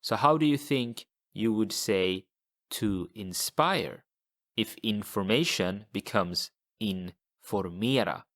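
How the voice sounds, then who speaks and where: Slow, patient male language teacher. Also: lowish voice, fairly bright tone. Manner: patient, repeats model words slowly for learners. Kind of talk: slow, deliberate language lesson.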